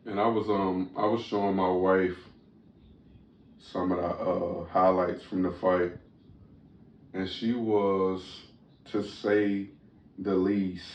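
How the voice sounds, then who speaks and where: A man hosts a podcast in a relaxed, chatty way, stumbling through fillers and restarts. His voice sits very low. The recording is roomy and dull, as if he is some distance from the microphone. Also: takes it slowly, pauses often, slight background noise. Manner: loose and conversational with frequent fillers and restarts. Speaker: podcast host. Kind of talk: casual chat.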